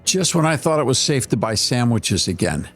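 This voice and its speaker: A man's voice: medium pitch, normal speed, soft background music. A man co-hosting a casual talk show, playful and teasing as he starts the conversation. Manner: playful, teasing, lively emphasis. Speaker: podcast co-host. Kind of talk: casual chat.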